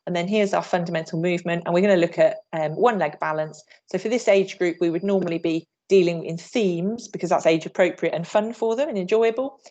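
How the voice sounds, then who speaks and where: She speaks a little fast with hardly any pauses, her fairly low voice slightly mellow. An upbeat PE trainer from England, she leads an online teacher workshop by video call, demonstrating moves as she goes.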